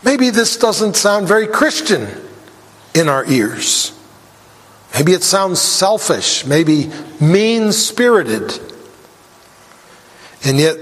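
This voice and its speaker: A man preaching a sermon, deliberate and emphatic, and his voice climbs when he quotes scripture. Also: sits high, a bit bright, in a large hall.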